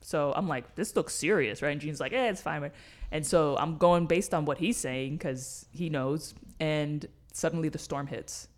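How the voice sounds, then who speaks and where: A woman's voice: sits low, normal speed. A woman, co-hosting a podcast and telling stories in a blunt, casual way, swearing freely. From New York City. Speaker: podcast co-host. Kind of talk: casual chat.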